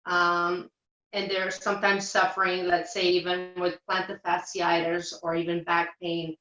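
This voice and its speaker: A woman's voice: lowish voice, a little slow. A woman who works as a reflexologist, chatting casually as an interview guest and describing her work with plenty of fillers. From Portugal. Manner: relaxed, many fillers. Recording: roomy, dull sound.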